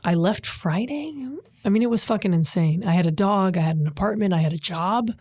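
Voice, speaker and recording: A woman's voice: fairly low pitch, fairly quick. A middle-aged woman from New York, a podcast guest telling stories in casual chat, swearing freely and acting out what people said. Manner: swears freely, animated storyteller acting out quotes.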